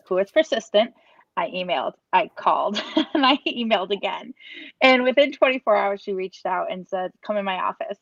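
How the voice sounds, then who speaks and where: A woman's voice: mid-range voice, no room sound. Earnest woman in her thirties sharing a personal story over a video call; dry, dull lo-fi audio. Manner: earnest, rambling with restarts and quoted inner thoughts. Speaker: parent giving a testimonial. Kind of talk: emotional personal story, casual.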